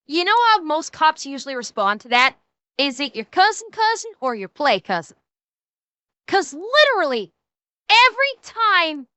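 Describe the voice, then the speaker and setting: Woman streamer, very high and bright, dry close sound, blunt and sneering. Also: dry recording. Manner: blunt, mocking, profane. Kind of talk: live-stream reaction commentary.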